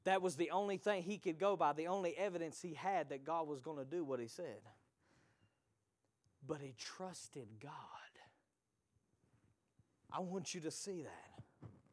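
Dynamic high-voiced preacher. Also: male voice, no room sound. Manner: swings from hushed whispers to shouted climaxes; call-and-response preaching, addresses congregation directly. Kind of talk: sermon.

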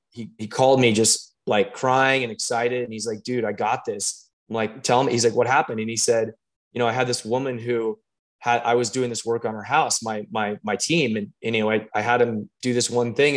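A man in a relaxed conversation, speaking at an everyday middle pitch. He talks like a coach and tells stories with real animation, full of "like" and "right?", often restarting his sentences as he goes. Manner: animated storyteller, frequent fillers and restarts. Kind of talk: casual conversation.

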